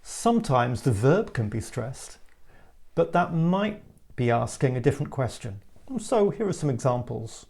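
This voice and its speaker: Man, teacher, gravelly voice, clear explanatory delivery, lively acted examples. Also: a little slow. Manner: clear explanatory delivery, acting out example sentences with big pitch swings. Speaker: English pronunciation teacher. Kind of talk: spoken English lesson with read-out examples.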